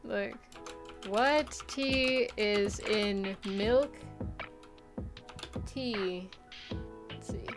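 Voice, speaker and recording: A young woman from the Midwest streaming a casual chat, animated and chatty, laughing often as she reads chat aloud. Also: medium pitch, extremely slow, pauses often, music in the background. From Midwest United States.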